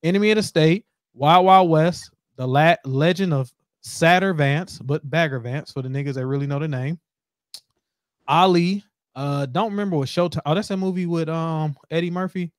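Podcast host, male, animated profane rants, slightly high voice, dry room. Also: normal speed, dry recording. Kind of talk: casual podcast chat.

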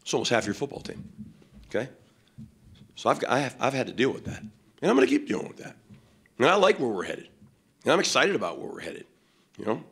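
A man's voice: medium pitch, huge pitch swings, fairly quick, gravelly, pauses often, fairly bright tone, breathy edge. A man, a head football coach, answering questions at a post-game press conference in a blunt, emphatic way, with many fillers.

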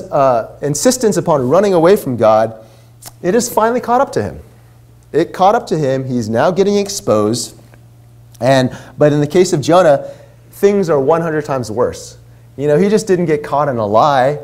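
A man's voice: mid-range voice, a little mellow. A man in his forties, a minister, telling a story in a sermon in a casual, chatty way full of asides. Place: church.

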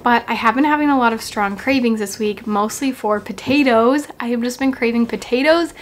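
A woman's voice: a little high, brisk, slight background noise. A young woman vlogging casually from home, chatty and apologetic, short of breath. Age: young adult. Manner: chatty, apologetic, laughs often. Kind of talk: casual pregnancy update vlog.

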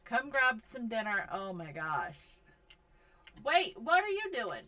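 A woman's voice: fairly high pitch, huge pitch swings, slow pace, sharp tone. A woman giving casual commentary over a life simulation game, talking to and scolding her characters with frequent exasperation. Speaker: gaming video host.

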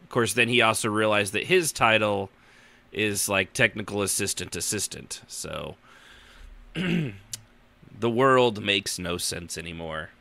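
A man's voice: lowish voice, lively intonation, measured pace, vocal fry, pushed and bright. A tired man hosting a casual podcast chat, rambling and joking in mock outrage. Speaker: podcast host.

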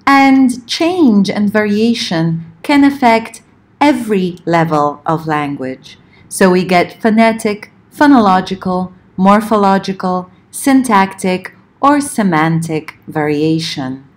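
A woman lecturing on linguistics, explaining points in a measured way and slowing down to spell out examples. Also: mid-range voice, expressive. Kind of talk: recorded lecture.

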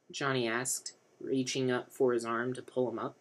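A man's voice: medium pitch, completely flat delivery, normal speed, few pauses. Man reading a novel with wry asides. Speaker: reader.

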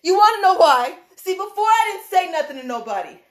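A woman with a high voice rants on a live stream from a room indoors. She is animated and laughs often, and she swears while she repeats her points for emphasis. Her phone mic picks up a roomy echo. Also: brisk. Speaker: livestream host, dance choreographer. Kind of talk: heated livestream rant. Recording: echoey room.

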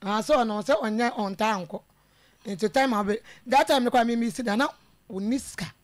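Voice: medium pitch, no echo. Hesitant Ghanaian caller. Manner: hesitant, halting, trails off. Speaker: caller telling a family dispute.

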